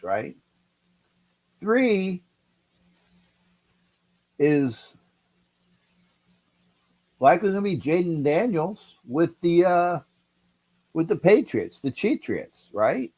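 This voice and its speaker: A middle-aged man hosting a livestream, calling a football game and answering chat, excitable and repeating himself as he urges his team on. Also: on the high side, slow, pauses often. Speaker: livestream host. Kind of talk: live game-watch commentary with chat.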